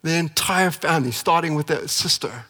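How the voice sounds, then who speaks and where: A man preaching a sermon with impassioned delivery, climbing to emphatic peaks and dropping to soft, quiet passages. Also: fairly high pitch, moderate pace. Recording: long hall reverb.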